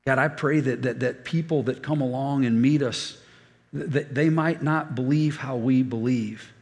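Older guy pastor giving a sermon, gravelly voice, big echoey church hall. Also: mid-range voice, fairly even intonation, moderate pace, darkish tone. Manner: storytelling with repeated phrases.

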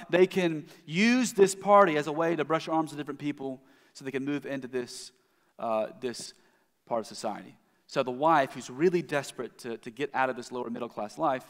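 A man giving a sermon as the pastor, telling a story in a conversational way with frequent restarts. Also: fairly high pitch. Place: church sanctuary. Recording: long hall reverb.

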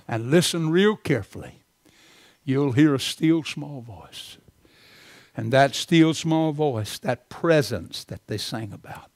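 A man preaching a sermon from the pulpit, swinging from loud, impassioned lines to soft, quiet ones. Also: fairly high pitch, no room sound, studio quality. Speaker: pastor.

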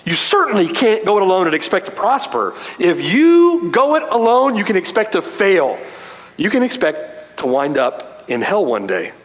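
Expressive male preacher in a reverberant hall. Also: high-pitched. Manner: emphatic, dramatic swings from loud to hushed, slow stressed repetition. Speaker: pastor. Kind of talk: expository sermon. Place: church sanctuary.

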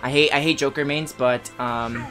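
A man hosting a casual gaming livestream on a headset mic, excitable and swearing, flipping between mock rage and cheerful chat. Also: mid-range voice, moderate pace, over music. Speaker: streamer host.

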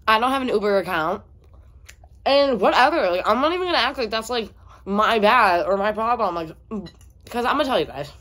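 A young woman vlogger chatting casually while eating, with lots of "like", and acting out her own and others' lines in a higher voice. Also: lively intonation, brisk, fairly bright tone. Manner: chatty, heavy use of "like", acts out dialogue with a raised pitch. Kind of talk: casual storytime chat. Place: indoors at home, eating on camera.

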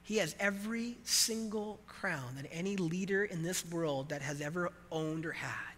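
A man preaching a sermon as pastor to a live congregation, animated and emphatic, quizzing the church. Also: high voice, moderate pace, big-room sound, a little hiss or hum.

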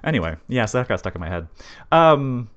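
A man's voice: mid-range voice, big pitch swings, fairly quick, lo-fi sound. A man running a tabletop horror game, chatting casually and rambling with lots of fillers and restarts. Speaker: game master. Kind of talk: casual pre-show chat.

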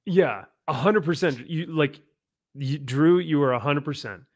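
A man's voice: fairly high pitch, a little slow. A man hosting a live comics chat show, reading scenes aloud in mocking voices and laughing with his co-hosts. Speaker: comic book show host. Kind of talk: casual live-stream chat.

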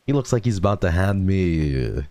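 A young man streams casual chat with no echo, playing up a mock-emo act and swearing freely. He drops into mumbles, then jumps into excited, high squeals.

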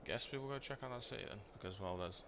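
A man's voice: lowish voice, racing, vocal fry, noisy background. A man, casually muttering commentary over his gameplay and swearing freely. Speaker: gaming video creator.

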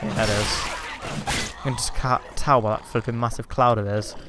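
A man's voice: mid-range voice, fairly even intonation, normal speed, very noisy. A man giving chatty, sarcastic gameplay commentary, taunting enemies as he goes. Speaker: let's play host.

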